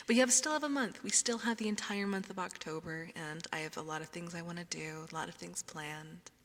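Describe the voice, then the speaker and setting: A young woman chatting casually with her stream viewers, often dropping into a soft whisper, recorded on a binaural ASMR microphone. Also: lowish voice, steady tone, moderate pace, long reverb tail.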